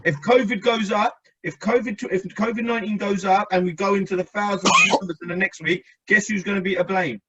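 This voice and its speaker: A man's voice: high voice, steady tone, brisk, hardly any pauses, pushed and bright, lo-fi sound, slight background noise. A man hosting a casual podcast discussion, talking in a rambling, chatty way and asking the others for their views. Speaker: podcast host.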